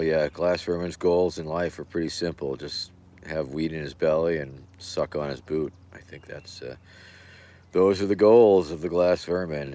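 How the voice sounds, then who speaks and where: Hoarse, deep-voiced male stream host; deadpan, rambling, loose. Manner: rambling, deadpan jokey, many fillers. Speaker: livestream host. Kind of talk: casual stream chat.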